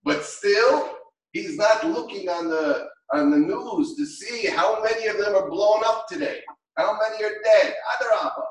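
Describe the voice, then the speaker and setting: A man's voice: sits high, measured pace, distant mic. A middle-aged man teaching an impassioned Torah class, speaking emphatically and rhetorically. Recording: echoey room, from off mic.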